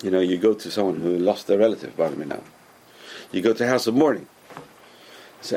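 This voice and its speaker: A man teaching a Torah class as a rabbi, animated and repetitive, who keeps asking rhetorical questions and answering them himself. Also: low voice, brisk, pauses often.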